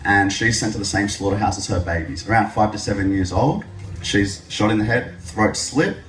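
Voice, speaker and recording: A young man giving a public speech, telling his story with lively jokes. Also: fairly low pitch, moderate pace. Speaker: speaker at an event. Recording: echoey hall, mic from a distance.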